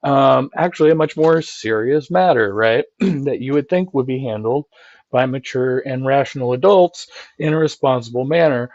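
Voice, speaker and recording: A man hosting a live stream, rambling in a loose conversational way, tagging his points with "right?" and swearing freely. His recording sounds dry and a little dull, with no room around it. He speaks at a middling pitch for a man. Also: moderate pace, darkish tone, no room sound. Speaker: streamer and channel host. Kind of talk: casual live-stream commentary, reading chat.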